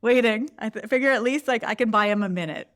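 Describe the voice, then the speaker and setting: A woman's voice: on the high side, fast talker, fairly bright tone. A woman from Canada co-hosting a podcast, explaining context in a friendly way and laughing often. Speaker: podcast co-host. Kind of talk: casual storytelling chat.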